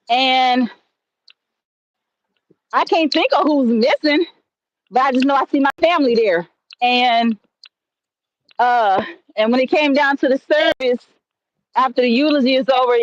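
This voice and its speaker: Slow-talking high-voiced woman streaming live. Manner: rambling and conversational, with many fillers and restarts. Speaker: livestream host. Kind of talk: casual storytelling on a livestream. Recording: dull lo-fi stream audio.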